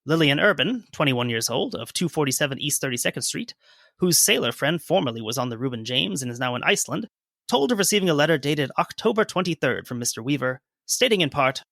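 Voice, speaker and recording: A man's voice: a little high, big pitch swings, fast, creaky, fairly bright tone, no echo. A man co-hosting a history podcast, reading old news quotes aloud and adding dry jokes. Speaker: podcast co-host. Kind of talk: history podcast narration and chat.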